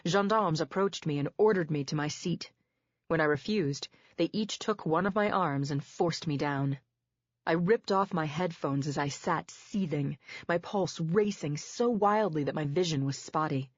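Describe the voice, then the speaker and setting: A woman reading a thriller in first person, measured and tense, recorded dull and dry. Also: low voice, no room sound. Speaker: audiobook narrator. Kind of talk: first-person scripted narration.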